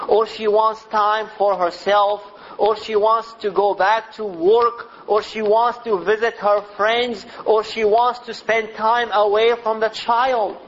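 A man preaching a sermon in a deliberate manner, building repetitive lists. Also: high voice, highs cut off, slight background noise.

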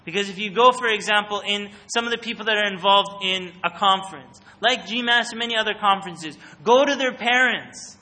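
Male speaker giving a religious talk on a mic, fairly high and very bright, quizzes the crowd. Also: a little fast, few pauses. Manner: questions the audience and calls on them. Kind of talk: interactive religious talk to an audience. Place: room with a live audience. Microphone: microphone.

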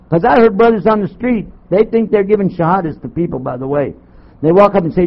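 An older man from Texas, a Muslim chaplain, preaching to an audience with sarcastic, animated storytelling and rhetorical questions. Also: high voice, a little fast, vocal fry. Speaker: Muslim chaplain giving a talk. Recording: dull lo-fi tape recording.

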